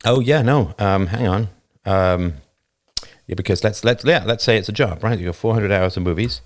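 A man's voice: fairly low pitch, normal speed. A man hosting a livestream, talking in a casual, emphatic monologue into a studio microphone and often tagging his points with "right?". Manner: emphatic, keeps asking "right?". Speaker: livestream host. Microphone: new studio microphone.

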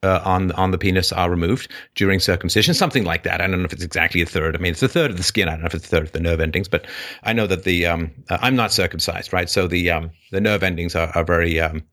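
A male call-in host, talking fast, pushes back on a caller by lecturing forcefully, interjecting, and shooting his pitch up to emphasize what he says.

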